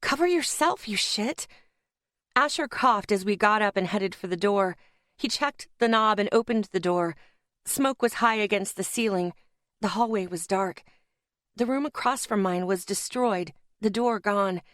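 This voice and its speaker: A woman's voice: mid-range voice, moderate pace, a bit bright, dry recording. Tense woman audiobook narrator, dry sound. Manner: tense, dramatic storytelling. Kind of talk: first-person audiobook narration.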